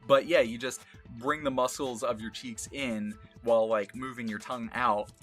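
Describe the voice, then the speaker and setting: A man casually describes voice acting, drifting off topic, chuckling at himself and leaning on filler words. His medium-pitched voice is fairly even and a bit bright at normal speed, over faint background music.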